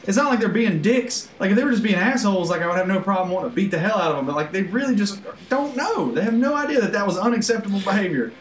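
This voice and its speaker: Fast-talking dude, casual chat, animated, swears, echoey room kinda far off mic. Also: male voice, high voice, faint music behind. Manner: animated storyteller, swears freely.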